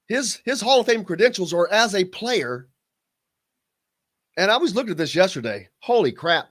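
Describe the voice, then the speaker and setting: A man from Southern Indiana with a Southern Indiana accent, hosting a sports radio show in an excitable, animated way from a radio studio. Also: high-pitched, normal speed, pauses often. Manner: animated, excitable, hums jingles. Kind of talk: casual sports radio chat.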